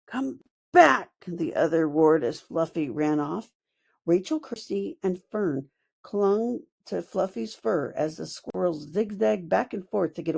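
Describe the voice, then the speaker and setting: A woman narrating a children's book read-aloud in an expressive storytelling manner. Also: lowish voice, gravelly, breathy edge.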